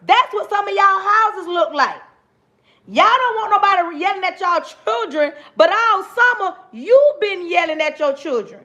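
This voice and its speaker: A woman teacher hosts a casual livestream rant, her extremely high voice bright, forceful and expressive at a normal speed. She speaks emphatically, repeats herself, and addresses her viewers directly.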